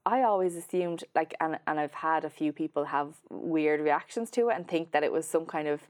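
Woman, journalist guest, casual and hesitant, slightly low voice. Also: a little fast. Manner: chatty, hesitant, many fillers and restarts. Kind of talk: casual interview chat.

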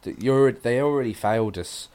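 A man's voice: mid-range voice, normal speed, a little mellow, smooth. A man co-hosting a casual podcast chat, telling stories with frequent restarts. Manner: stumbling restarts, storytelling. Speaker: podcast co-host.

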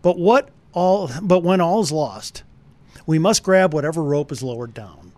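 Male radio film reviewer, animated and chatty, slightly high voice that swings a lot. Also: normal speed, no room sound. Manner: animated, talks straight to listeners. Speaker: movie reviewer, radio co-host. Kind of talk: conversational radio movie review.

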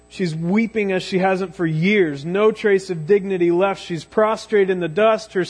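A youth pastor preaching a sermon, telling the story dramatically and slowing down for emphatic phrases. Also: male voice, fairly high pitch.

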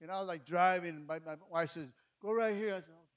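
A middle-aged man preaching with a high, ringing voice, full of passion and personal stories. He is from Mexico and often stumbles and repeats words when he gets carried away. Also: fast talker, a bit bright. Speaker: pastor. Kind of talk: sermon.

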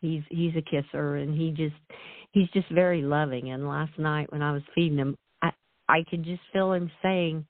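A woman hosting a casual interview, gushing with praise and laughing softly, heard over call audio. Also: sits low, steady tone, moderate pace, dry recording. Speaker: interview host. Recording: tinny phone-like call audio, dry.

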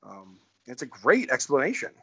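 A man's voice: medium pitch, huge pitch swings, moderate pace, pushed and bright, breathy edge. A male podcast host chatting casually and laughing, rambling with enthusiasm. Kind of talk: casual chat. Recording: dull lo-fi recording.

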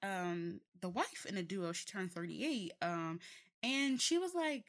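A young woman chatting casually as a podcast co-host. She tells stories in a lively, rambling way, with plenty of fillers and restarts and frequent laughter. Her voice sits at a middling pitch for a woman. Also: normal speed. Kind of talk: casual chat.

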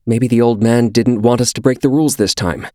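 A man plays a teenage boy who keeps the house rules, commanding and stiff. The voice sits well above the reader's own deep tone and comes through dry and close. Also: steady tone, fairly quick, mellow, no echo, close to an everyday voice. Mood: stern. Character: teenage boy, stern rule-keeping older brother.

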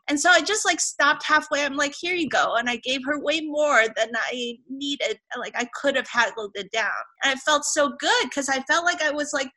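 A woman's voice: high-pitched, normal speed, hardly any pauses, pushed and bright. A woman from Hong Kong hosting a podcast, telling a reflective personal story in casual conversation. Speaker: podcast host.

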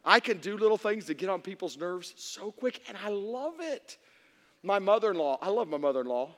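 A high-pitched man with a bright, sharp tone preaches to a congregation in a reverberant hall. He tells funny stories with big swings, dropping to a hush and then rising to shouts. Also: fairly quick. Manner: animated, swings between hushed and shouting. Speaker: pastor. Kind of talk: humorous sermon storytelling. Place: church hall before an audience.

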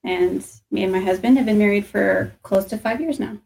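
A young woman from Northeast Ohio, a youth ministry guest, chatting casually and modestly with easy laughs and halting pauses. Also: medium pitch, vocal fry, a little mellow. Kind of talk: casual chat.

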